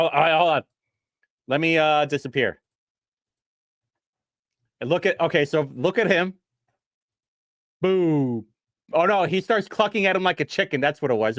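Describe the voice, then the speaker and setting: A man's voice: a little high, a bit bright, dry recording, clean studio sound. A young man hosting a casual live stream, rambling and mocking with frequent laughs. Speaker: streamer host.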